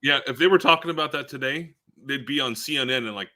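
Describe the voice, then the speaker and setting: A man's voice: mid-range voice, fast talker, sharp tone. A man on a casual panel chat who talks in a reflective way, starting hesitantly with fillers.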